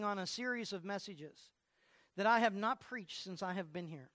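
A woman pastor preaching a sermon in a church, animated and fond of asking the congregation questions, with frequent laughter. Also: medium pitch, normal speed, dry recording. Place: church sanctuary.

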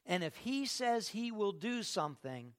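A middle-aged pastor preaching a sermon, emphatic, swinging from quiet asides to loud outbursts. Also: male voice, sits high, sing-song, a little slow.

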